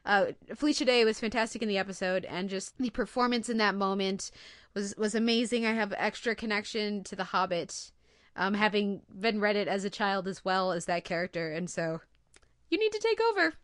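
A woman's voice: mid-range voice, animated, fairly quick, a bit bright, dry recording, clean studio sound. A woman hosting a TV podcast, chatting casually and getting emotional about favorite scenes. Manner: emotional, gushing. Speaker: podcast host. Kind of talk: casual TV review chat.

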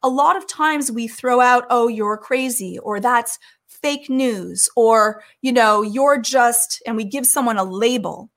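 Earnest woman giving calm advice. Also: a little high, unhurried. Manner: calm, earnest, acts out quoted speech. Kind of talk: conversational advice.

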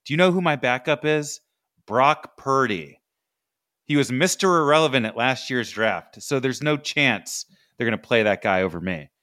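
A man's voice: medium pitch, expressive, normal speed, fairly bright tone, dry recording, studio quality, natural voice. A man voicing a smug, taunting male quarterback reading out a mocking letter. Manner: mocking, trash-talking.

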